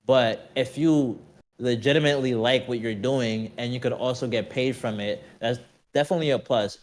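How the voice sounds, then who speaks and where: Male streamer guest, mid-pitch, animated and rambling, keeps checking in with listeners. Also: normal speed. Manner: animated, rambling, says "you know what I mean" often. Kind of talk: casual podcast chat.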